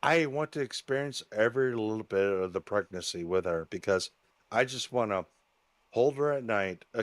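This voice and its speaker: A man in a played clip, speaking in a wistful, hesitant, halting way. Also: on the low side, no room sound.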